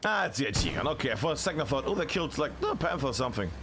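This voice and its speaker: A man casting a tactical shooter match solo, chatty and excitable, shouting on big plays. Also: medium pitch, rapid-fire, background noise. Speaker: esports caster. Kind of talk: solo play-by-play commentary.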